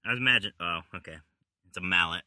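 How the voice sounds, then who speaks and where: A man's voice: sits low, quick pace, bright, forceful tone, no echo. A man chatting about a comic book with a friend, joking, swearing and trying out silly voices. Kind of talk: casual comic book chat.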